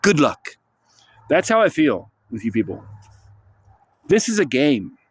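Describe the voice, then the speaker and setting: A man's voice: medium pitch, big pitch swings, a little slow, husky. A man delivering a rambling, profane, sardonic monologue for his vlog, outdoors in the sunshine. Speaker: vlogger.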